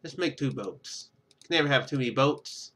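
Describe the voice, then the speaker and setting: A man's voice: mid-range voice, animated, moderate pace, fairly bright tone. A man chatting casually over his gameplay, rambling and stammering, cutting himself off with chuckles, into a webcam microphone. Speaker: gaming YouTuber.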